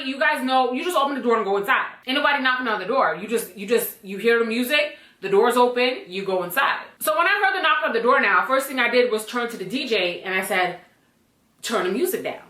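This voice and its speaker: Woman doing a storytime vlog, bright sharp voice, echoey room, blunt and swears a lot. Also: a little high. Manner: blunt and animated, swears freely. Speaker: storytime vlogger. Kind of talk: casual storytime.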